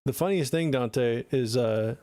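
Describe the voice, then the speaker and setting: A man's voice: medium pitch, a little slow, warm tone, no room sound. A man streaming live as a music producer, chatting casually and answering his viewers' messages by name. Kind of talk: casual livestream chat.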